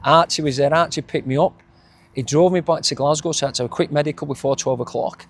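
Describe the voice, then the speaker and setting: A man's voice: fairly high pitch, fast talker, breathy edge. A middle-aged man with a Yorkshire accent, a former footballer reminiscing in a casual interview, rambling with frequent restarts and chuckles. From England.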